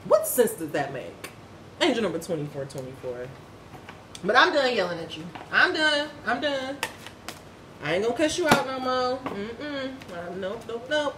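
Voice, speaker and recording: A woman's voice: sits high, a bit bright, slight background noise. A woman giving a casual spiritual reading in a vlog, ranting bluntly and profanely like a preacher. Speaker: spiritual reader. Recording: echoey room with faint ambience.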